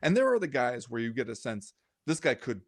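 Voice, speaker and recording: A man's voice: medium pitch, a little fast, no echo, studio quality. Wry man reading listener comments. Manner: reads listener comments aloud, wry and animated. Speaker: podcast co-host. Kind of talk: casual chat.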